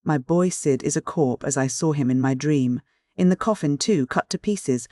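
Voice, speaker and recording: A man's voice: a little high, normal speed, a little mellow, no room sound, studio quality, lightly acted. A man voicing an old grieving village widow who whimpers and wails in country dialect. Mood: wailing. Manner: country dialect, wailing and quavering.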